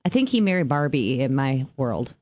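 A woman's voice: extremely low pitch, big pitch swings, moderate pace, a little mellow, no room sound. Playful, giggly female radio co-host. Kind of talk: casual radio banter. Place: radio studio.

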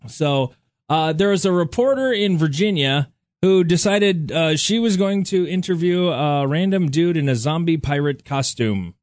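A man hosting a radio morning show, chatting and joking with a co-host, with frequent "uh" pauses. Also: on the high side, darkish tone, no room sound, studio quality. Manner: chatty, jokey, many "uh" pauses. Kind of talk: casual radio banter. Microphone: studio microphone.

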